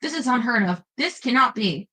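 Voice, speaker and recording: A woman reader puts on a vain male night spirit who brags about his talents in a heavy German accent. The voice is raised, bright and self-satisfied, the pompous seducer of a storybook. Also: a little high, lively intonation, normal speed, husky, heavily acted, rough recording. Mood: boastful. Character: cocky blond male incubus, vain seducer.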